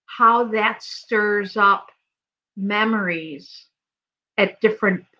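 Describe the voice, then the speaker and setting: A woman co-hosting a podcast in casual chat, halting and searching for words. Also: mid-range voice, bright, forceful tone. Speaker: podcast co-host. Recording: dull lo-fi audio.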